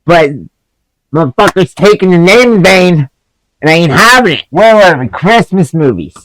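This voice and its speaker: Man, comic reviewer; profane, sarcastic rant, slightly high voice, dry close sound. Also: animated, moderate pace, a bit bright, dry recording, rough recording. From Canada. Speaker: movie reviewer.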